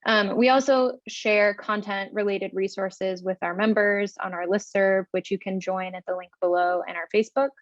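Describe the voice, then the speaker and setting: A woman's voice: medium pitch, steady tone, normal speed, hardly any pauses, no room sound, dull audio. A young woman student officer reading announcements and introducing a guest over a video call, with a few hesitant ums. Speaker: student group officer, moderator.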